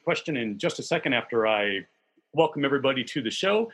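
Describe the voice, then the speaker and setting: Husky-voiced male podcast host. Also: medium pitch, expressive, a little fast, a bit bright. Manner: chatty, enthusiastic, occasionally swears. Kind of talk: casual podcast chat.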